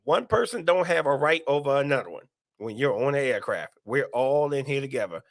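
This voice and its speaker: Animated gravelly-voiced man live-streaming. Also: mid-range voice, fairly quick, no echo. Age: adult, parent. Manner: animated, repeats himself, reads viewer comments aloud. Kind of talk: casual live-stream commentary.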